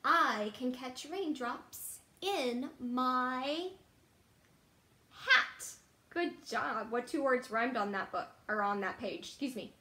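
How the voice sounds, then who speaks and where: Woman teacher for a storytime read-aloud, playful and animated, in a room with noticeable echo. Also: high voice. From Texas. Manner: playful and animated, pauses for kids to guess, hushed asides. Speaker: teacher reading to children. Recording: roomy echo.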